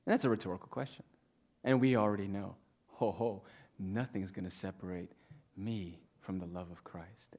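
A male pastor preaching a sermon to a congregation, reading scripture with slow stressed pauses and swinging between loud emphasis and hushed near-whispers. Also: mid-range voice. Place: church in front of a congregation.

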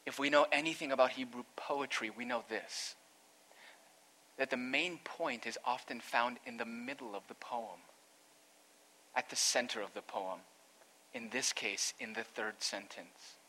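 Bright-voiced man preaching a sermon. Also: mid-range voice, unhurried, a little hiss or hum. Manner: earnest expository preaching, rising to emphatic peaks. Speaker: pastor.

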